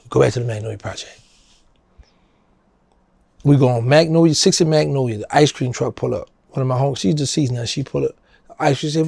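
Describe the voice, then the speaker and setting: A middle-aged man with a New Orleans accent spins a long street story, jumping up in pitch whenever he plays the people in it. His voice is gravelly and a little husky. It sounds close and dry, with no room around it. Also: no room sound. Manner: animated storyteller, acting out quoted voices in a higher pitch. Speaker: interview guest. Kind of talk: storytelling in a casual interview.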